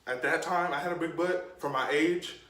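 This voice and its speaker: A man's voice: on the high side, normal speed. A man telling a funny story from his childhood as a casual vlog, laughing often and acting out the scenes. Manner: animated, laughing, acts out the scenes. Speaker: vlogger. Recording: echoey room, mic at a distance, faint noise.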